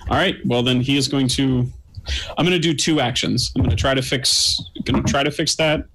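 A man's voice: mid-range voice, a little fast. A man with a mid-range voice plays a tabletop game, chatting casually with many fillers and an easy good humor. Faint noise runs under the home recording. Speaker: player.

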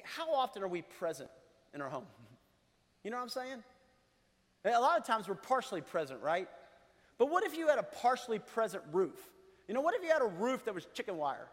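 A middle-aged male pastor giving a conversational sermon, chuckling and asking the congregation questions. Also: high-pitched. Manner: conversational preaching with laughs and asides. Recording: long hall reverb.

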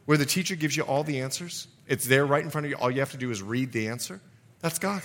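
A male pastor preaching a sermon, reading scripture aloud and commenting between verses, his voice climbing high on the key lines. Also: fast, fairly bright tone.

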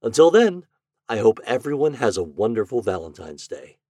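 A man's voice: medium pitch, sing-song, moderate pace, dark tone, breathy edge. A man hosting a podcast, delivering a cheerful, chatty scripted sign-off. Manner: upbeat, chatty. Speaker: podcast host.

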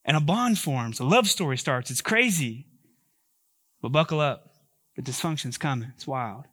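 A man's voice: medium pitch, lively intonation, moderate pace, fairly bright tone, breathy edge, no room sound. A male pastor giving a sermon in a humorous, conversational way with joking asides.

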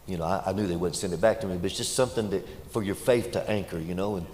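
A man preaches in a very deep voice, telling folksy stories with lively delivery. His words echo through a large reverberant hall, with faint ambience behind him. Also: fast talker, slight background noise. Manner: folksy, animated anecdotes. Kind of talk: sermon storytelling.

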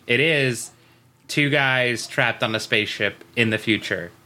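Bright-voiced joking male podcast host. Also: mid-range voice, unhurried. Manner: joking, chatty, reads from notes. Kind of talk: casual chat recapping a TV episode.

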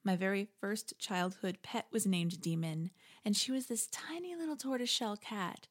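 A woman hosting a reflective faith podcast, talking in a conversational, wry way with animated asides. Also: mid-range voice, moderate pace. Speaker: podcast host. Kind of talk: reflective spoken commentary.

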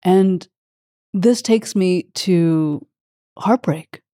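Emotional woman host with a low, mellow voice. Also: drawn-out words, no echo, clean studio sound. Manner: openly emotional, affirming. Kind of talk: interview conversation.

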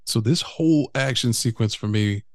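A podcast co-host with a mid-range voice chats enthusiastically about a film at a moderate pace, swearing freely in a casual movie review. The sound is clean studio audio with no room noise.

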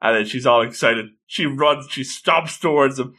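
A man's voice: medium pitch, moderate pace, bright, forceful tone. A man casually recapping a story with playful, jokey asides.

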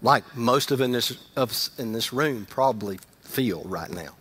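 A middle-aged male pastor giving a conversational sermon, rising to loud emphasis and dropping to quiet asides. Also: medium pitch, animated, normal speed, husky.

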